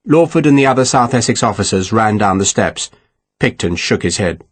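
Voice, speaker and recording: A man narrating an audiobook with expressive, dramatic reading. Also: fairly low pitch, normal speed, husky.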